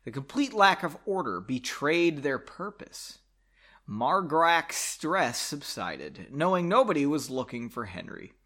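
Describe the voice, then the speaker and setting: A man's voice: fairly high pitch, very animated, measured pace, sharp tone. A man reading his own novel aloud, stopping to make self-mocking comments on his writing. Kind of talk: reading aloud with chatty asides.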